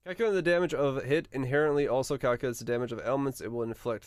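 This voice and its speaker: Reading game notes during a live stream, a man muses aloud in a medium-pitched, clean-toned voice, losing his thread and restarting mid-thought and swearing out of surprise. There's no echo.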